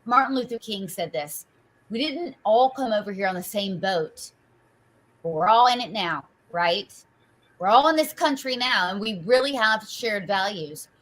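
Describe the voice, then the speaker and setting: A woman's voice: mid-range voice, expressive, normal speed, fairly bright tone, poor audio. A woman hosting a political talk show, speaking casually with frequent fillers and rhetorical asides.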